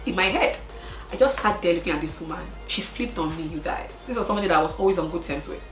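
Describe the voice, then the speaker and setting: A woman's voice: on the low side, quick pace, reverberant, faint music behind, rough recording. A young woman, telling a personal story to her viewers in a casual, emotional way. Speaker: vlogger.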